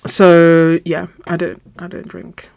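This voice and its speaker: A young adult woman chatting casually with her viewers, telling an animated story and laughing often. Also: on the low side, slow pace, gravelly, dry recording, clean studio sound. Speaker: art channel host. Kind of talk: casual live chat story.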